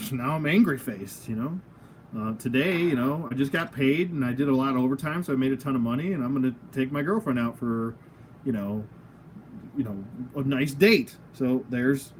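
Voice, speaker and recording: At home at a table of figures, a man hosts his channel's casual, unscripted toy review, rambling, goofing around and laughing at himself as he goes. His voice is medium-pitched, with slight background noise.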